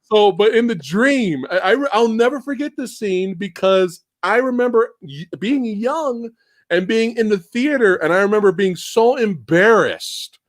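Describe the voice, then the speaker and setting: A man hosting a casual live movie review chat, animated and swearing, acting out scenes with loud quoted lines. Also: high-pitched, a little slow, no room sound. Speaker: podcast host.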